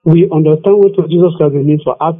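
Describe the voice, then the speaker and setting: Emphatic preacher on a tinny phone line. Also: male voice, fairly high pitch, fairly quick. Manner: emphatic, repeats scripture. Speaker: evangelist. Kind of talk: radio preaching.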